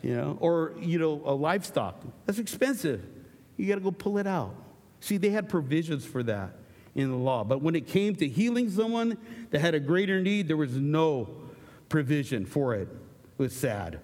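A middle-aged male pastor with a gravelly edge to his voice, preaching in an animated, joking way. His words ring out with a long echo around a church hall. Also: medium pitch. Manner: animated, jokey preaching with acted asides. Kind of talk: sermon.

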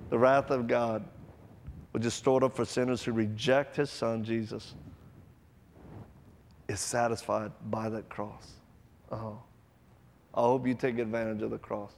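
A man preaching a sermon to a live audience, telling stories with acted-out voices and loud bursts, then leading an altar call. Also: medium pitch, fairly even intonation, a little slow, long pauses, big-room sound.

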